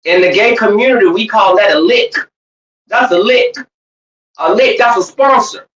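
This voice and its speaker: A livestream host in casual chat with the viewers, loud, profane and teasing, who shouts now and then and drawls some words while rushing others. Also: mid-range voice. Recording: roomy, distant, dull lo-fi sound.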